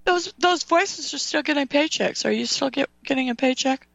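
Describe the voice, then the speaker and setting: A woman's voice: high voice, moderate pace, creaky, fairly bright tone, no echo. A woman hosting a talk radio show, ranting angrily about current affairs with apologetic asides. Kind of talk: heated talk radio chat. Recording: dull dry radio audio.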